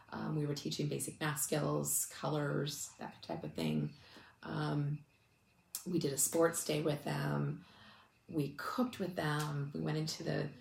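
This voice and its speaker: A woman's voice: low voice, gravelly, darkish tone. A woman ministry speaker telling a story in a casual, chatty way, full of restarts and fillers, and close to tears. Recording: echoey room with faint noise.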